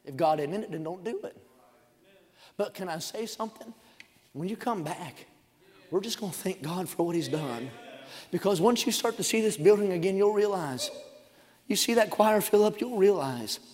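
A man preaching a revival sermon in a church sanctuary, shouting and chanting his points, then dropping into quieter storytelling asides. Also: sits high, animated, moderate pace, pauses often. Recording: long hall reverb.

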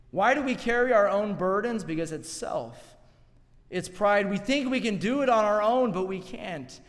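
High-voiced fervent preacher in a hall. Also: male voice. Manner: fervent, repeats words, swings from loud to hushed. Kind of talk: sermon. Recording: long reverb of a large hall.

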